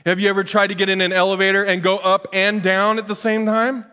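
Animated male pastor in a reverberant hall. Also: high-pitched, quick pace, clean tone. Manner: animated, acts out voices and asides. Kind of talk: sermon.

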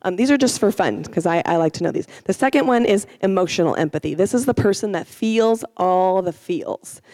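Woman, chatty informal Bible teacher, rambling with fillers, mid pitch, dry recording. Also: expressive, a little fast, a little mellow, dry recording. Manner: chatty, self-deprecating, many fillers and restarts.

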